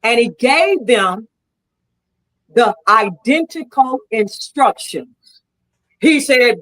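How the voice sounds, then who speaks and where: A woman's voice: on the high side, animated, slow pace, pauses often, fairly bright tone, rough recording. A woman in a heated debate, arguing in a combative, preachy way and leaning on scripture. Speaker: debate guest.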